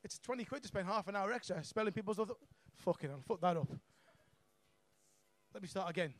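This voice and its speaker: A high-voiced young man works a comedy club crowd through a handheld mic. He is brash and sweary, and he chuckles at his own punchlines as he goes. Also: expressive, fast talker, no echo. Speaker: stand-up comedian. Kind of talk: stand-up set.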